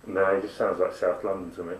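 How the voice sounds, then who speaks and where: Deep-voiced man asking family questions. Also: level tone, fast talker, crowd noise. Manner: brief prompting questions. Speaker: family interviewer. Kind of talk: casual family interview. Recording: echoey room, camcorder audio.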